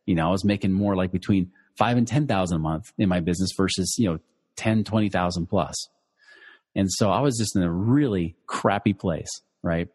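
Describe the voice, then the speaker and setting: A middle-aged man speaks in a breathy, husky voice that sits a little low. He talks loosely and conversationally, with plenty of fillers and restarts, while sharing a personal story with listeners. A long reverb tail hangs on his words. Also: brisk, a little mellow. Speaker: financial educator.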